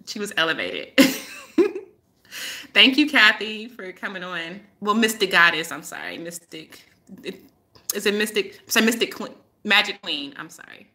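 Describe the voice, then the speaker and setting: A woman's voice: medium pitch, animated, unhurried, pushed and bright. A woman hosting a casual live-stream chat as a spiritual healer, rambling and laughing often as she tells stories.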